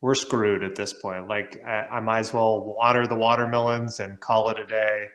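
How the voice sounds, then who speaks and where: A man's voice: fairly low pitch, flat delivery, moderate pace, a bit bright. A man co-hosting a podcast, chatting casually and dropping wry, joking asides. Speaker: podcast co-host. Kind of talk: casual anime recap chat.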